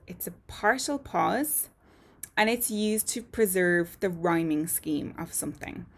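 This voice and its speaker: A woman teaching a lesson to camera, explaining points clearly and methodically with frequent ums. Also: mid-range voice. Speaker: voice and speech teacher.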